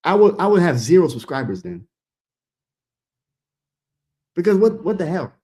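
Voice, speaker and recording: A man streaming a casual, animated reaction, stumbling over his words and calling his audience "bro.". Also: sits high, normal speed.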